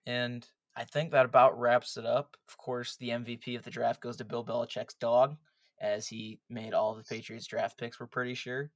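A man's voice: medium pitch, little pitch movement, moderate pace, no room sound. A young man co-hosting a casual sports podcast, recapping draft picks with light teasing. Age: young adult. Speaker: podcast co-host.

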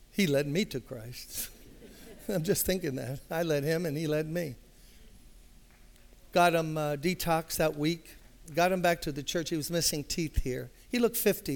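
An older man with a New York accent, a pastor telling a story in a sermon, conversational and acting out dialogue, swelling into emphatic passion. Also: on the high side. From Brooklyn, New York. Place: church sanctuary.

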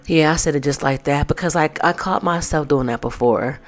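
A woman's voice: deep voice, brisk, few pauses. A woman hosting a vlog, reading out viewer advice and reacting in a candid, profane, casual way. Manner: candid and profane, with frequent fillers. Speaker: vlog host.

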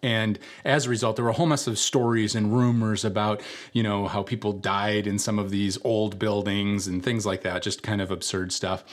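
A man's voice: fairly low pitch, flat delivery, normal speed, few pauses. A man preaching a sermon in a conversational storytelling way, full of fillers, who repeats key lines for emphasis. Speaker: pastor.

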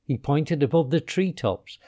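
Man, storybook narration, slow, expressive, lively pitch. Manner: expressive, unhurried.

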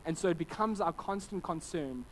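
A man in his thirties giving a conversational sermon, his voice sitting a little higher than most men's. He tells family stories with animated quoted voices and stumbles through restarts. A faint hum of background noise runs underneath. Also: normal speed, rough recording. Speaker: pastor.

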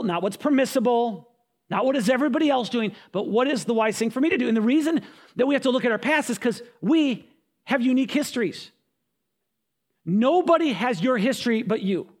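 A middle-aged man preaching a sermon as a pastor, telling stories in animated, quick bursts. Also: high voice.

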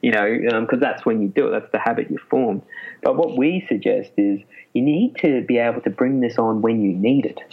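Man, husky and low, energetic guest explainer, muffled lo-fi recording. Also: brisk. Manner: animated, laughs often. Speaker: clinical psychologist guest. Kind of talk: casual interview talk. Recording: muffled lo-fi sound.

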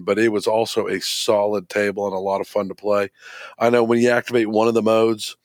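A man's voice: fairly low pitch, no echo. A man co-hosting a podcast, talking enthusiastically in casual chat, with many fillers and restarts. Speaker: podcast co-host.

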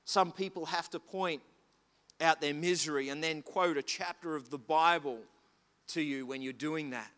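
A man preaching a sermon, telling a story with lively, animated delivery and shouting at the peaks. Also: on the high side, moderate pace. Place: church hall. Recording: long hall reverb, faint music behind.

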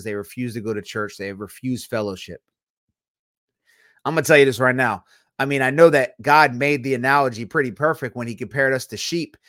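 A man's voice: mid-range voice, a bit bright, dry recording. Blunt, dry-sounding man preaching. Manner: conversational, blunt, teasing asides. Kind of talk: sermon-style teaching.

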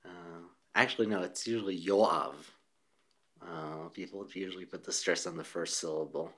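Male researcher, low voice, considered answers, light laughs, easygoing restarts. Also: fairly quick, pushed and bright. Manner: thoughtful, with small laughs and restarts. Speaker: physicist and researcher. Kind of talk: conversational interview answers.

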